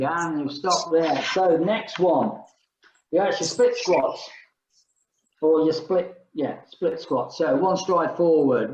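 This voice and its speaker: A man's voice: on the high side, darkish tone, roomy sound, lo-fi sound. An older man leading an exercise class, chatting and joking between rounds while he counts down the reps. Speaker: fitness instructor.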